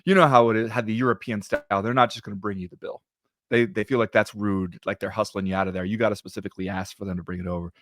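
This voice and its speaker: An American man co-hosting a podcast, telling stories in an animated, casual way with some swearing. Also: on the low side, rapid-fire, no room sound, studio quality. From United States. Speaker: podcast co-host. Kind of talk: casual chat.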